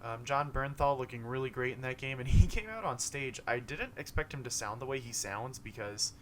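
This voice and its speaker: A man's voice: medium pitch, expressive, a little fast, a bit bright, slight background noise. Rambling man recapping a game showcase. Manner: rambling, loose, lots of fillers and self-corrections. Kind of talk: casual commentary monologue.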